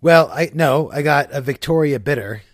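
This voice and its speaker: A man's voice: on the high side, moderate pace, dry recording, studio quality. A man co-hosting a podcast, playful and wry in casual chat. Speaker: podcast co-host.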